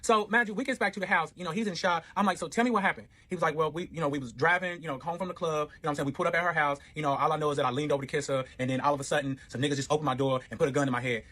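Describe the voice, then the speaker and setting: Fast-talking husky man telling a story. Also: fairly high pitch. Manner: profane, rambling, animated. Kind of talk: casual storytime.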